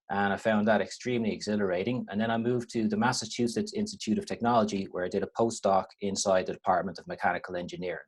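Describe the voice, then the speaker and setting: An Irish lecturer in his thirties presents a webinar over a video call. His voice sits low, and his talk is relaxed and rambling, with restarts along the way. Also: slightly rough. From Ireland. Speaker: university lecturer.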